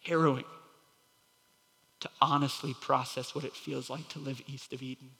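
A man preaching a sermon as pastor, earnest and emphatic, swelling and dropping his voice and slowing down when he reads scripture. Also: medium pitch, little pitch movement, gravelly, bright, forceful tone, big-room sound.

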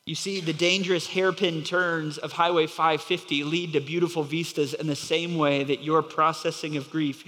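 Earnest high-voiced male preacher in a hall. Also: fairly bright tone. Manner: earnest, emphatic preaching that swells and drops, slowing on scripture. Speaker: pastor. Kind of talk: sermon.

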